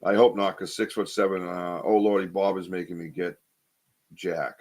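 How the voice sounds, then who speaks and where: A man's voice: low voice, steady tone, moderate pace, darkish tone. A man hosting a casual live podcast, rambling and chatty as he reads viewer comments aloud, with lots of ums and restarts. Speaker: podcast host.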